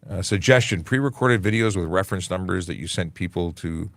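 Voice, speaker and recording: A man's voice: deep voice, brisk, fairly bright tone, dry recording. A man, a police constable, hosting a casual livestream Q&A, reading viewer comments aloud and joking with many fillers. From Canada. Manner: chatty, jokey, reads chat aloud with many fillers.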